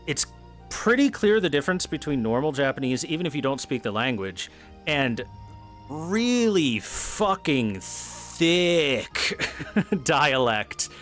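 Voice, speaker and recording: Male streamer, rambling casual commentary, cursing, mid pitch, faint music behind. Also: a bit bright. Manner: rambling, swears freely, laughs at own points. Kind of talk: casual commentary while gaming.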